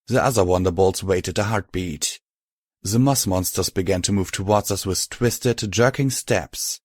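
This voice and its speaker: Male audiobook narrator, lowish voice, dry close sound. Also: measured pace, a little mellow, no echo. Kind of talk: scripted narration.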